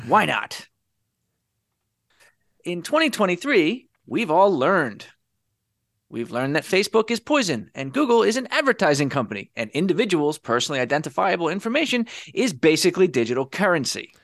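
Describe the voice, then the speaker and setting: Lively, sarcastic man hosting a podcast. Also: a little high, moderate pace, long pauses, dry recording, clean studio sound. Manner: wry, sarcastic, lively delivery. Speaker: podcast host. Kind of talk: casual podcast chat.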